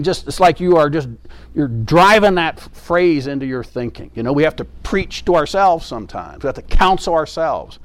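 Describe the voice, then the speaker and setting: A man delivering a sermon with earnest emphasis, coming back to his key phrases again and again. His voice sits at an ordinary middle pitch and is recorded dry and close, with no room sound. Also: no room sound. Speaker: preacher.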